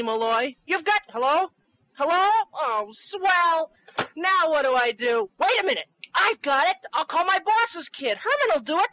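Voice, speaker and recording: Excitable little guy doing a comedy bit, whiny, blows up fast, high bright voice. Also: slight background noise, low-quality recording. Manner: excitable, whiny, quick-tempered. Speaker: comedy phone-tape performer. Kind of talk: comedy skit acting.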